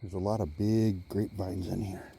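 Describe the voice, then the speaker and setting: A man vlogging on a walk through the woods, musing in halting speech and now and then calling out loudly. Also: sits low, flat delivery, vocal fry, slight background noise. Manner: musing, halting, with sudden loud call-outs. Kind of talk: rambling walk-and-talk vlog. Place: outdoors in woods.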